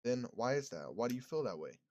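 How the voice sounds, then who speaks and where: A man's voice: mid-range voice, sing-song, quick pace, darkish tone, close to an everyday voice. A man voicing a stern male priest who judges a woman as a witch, speaking in archaic, solemn tones. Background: game music.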